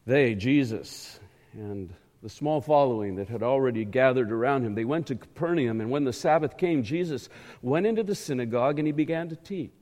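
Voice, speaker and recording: A man preaching a sermon in a church, emphatic and measured, asking the congregation rhetorical questions. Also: mid-range voice, a little mellow. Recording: echoey hall.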